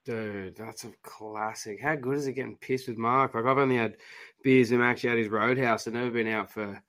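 A man's voice: medium pitch, steady tone, a little fast, a bit bright. Laid-back Australian man hosting. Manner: laid-back, chatty, swears casually. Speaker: podcast host. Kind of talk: casual chat.

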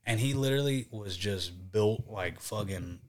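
Profane, animated young man telling a story. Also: fairly low pitch, normal speed. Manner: profane, animated, acts out quotes. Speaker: podcast guest, band vocalist. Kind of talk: casual storytelling.

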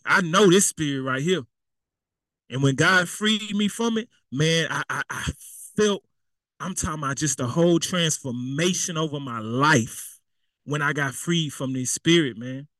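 A man's voice: a little high, fairly bright tone, no echo. A man preaching a sermon in a casual, conversational way, repeating himself and throwing in asides. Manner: conversational and repetitive, with spoken asides.

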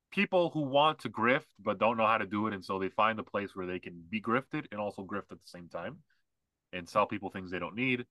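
Bright-voiced man ranting on a podcast. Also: on the low side, dry recording, rough recording. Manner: rambling, mocking, mimics others in put-on voices. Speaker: podcast co-host. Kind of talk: casual podcast chat.

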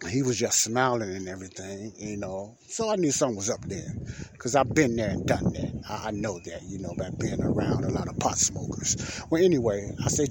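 A man's voice: darkish tone, slight background noise. A middle-aged man hosting a podcast, telling a personal story in a rambling, repetitive way and acting out the quoted dialogue. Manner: rambling, repeats phrases, acts out quoted dialogue with raised pitch. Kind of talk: casual storytelling monologue.

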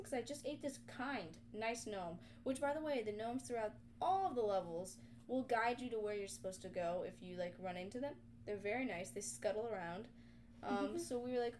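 Animated, foul-mouthed young woman storyteller. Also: a little high, a little fast, slight background noise. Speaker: podcast co-host. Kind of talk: casual chat retelling a game.

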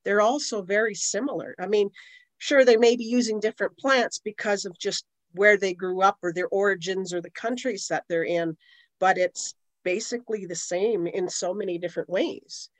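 A middle-aged Canadian aromatherapist, a guest on an interview podcast, tells long rambling stories full of asides and "you know"s in a conversational way. Her mid-range voice moves at normal speed. The recording is dry and rough.

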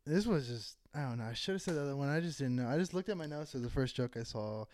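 A man's voice: mid-range voice, expressive, fast, a little mellow, dry recording. A young adult man, a comedian co-hosting a podcast, chatting casually, swearing and poking fun at himself. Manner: self-deprecating, swears casually, laughs at himself. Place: podcast recording space.

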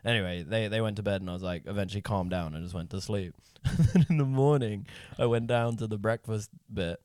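A man, a guest comedian, telling a rambling story in a casual podcast chat, animated and laughing often, swearing freely. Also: on the low side, fairly quick, smooth, no room sound, studio quality.

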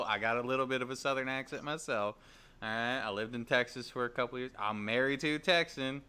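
A man hosting a podcast in casual chat, blunt and swearing freely, with a laugh. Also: medium pitch. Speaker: podcast host.

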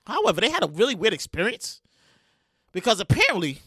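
A podcast host ranting about the news in a loud, animated way, often laughing and shouting. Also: mid-range voice, fast talker, breathy edge, dry recording, clean studio sound. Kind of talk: casual commentary rant.

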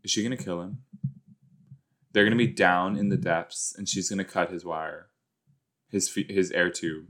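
A man's voice: low voice, steady tone, moderate pace, pauses often, a bit bright. A man hosting a rewatch podcast, giving rambling, jokey reaction commentary that often trails off.

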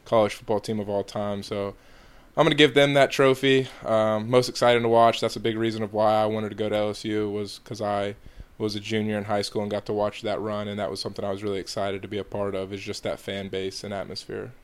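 A young man from Georgia answering interview questions in a relaxed, halting way with lots of fillers. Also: lowish voice, smooth. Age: young adult. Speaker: college baseball player, guest.

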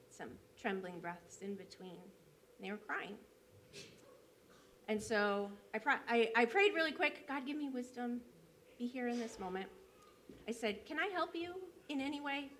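A woman's voice: a little high, a bit bright, a little hiss or hum. A woman church elder, preaching a sermon by telling a personal story in a conversational way, with frequent fillers.

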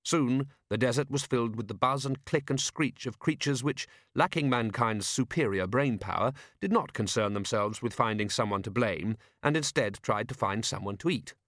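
A man reads a novel aloud in a measured, wry storytelling manner, at a middling pitch. The recording is close and dry, with no room sound. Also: a bit bright, no room sound. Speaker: audiobook reader. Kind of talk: scripted narration.

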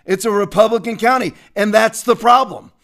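A man with a high-pitched voice hosts a livestream, speaking with fervor and heat. He greets his viewers by name in between emphatic points. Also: normal speed, a bit bright. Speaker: livestream host. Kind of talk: religious political livestream talk.

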